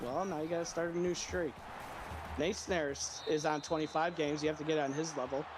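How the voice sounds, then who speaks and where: A man calls the plays on a livestreamed game with a high, bright voice, joking and laughing between calls. He jumps to loud shouts when a big play lands. Steady background noise sits under his voice. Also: normal speed. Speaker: play-by-play commentator. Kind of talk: casual stream game commentary.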